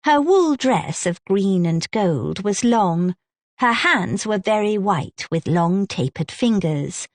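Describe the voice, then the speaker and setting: A woman narrating an audiobook in a measured, descriptive manner on a close studio mic. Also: mid-range voice, lively intonation, dry recording. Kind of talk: scripted narration.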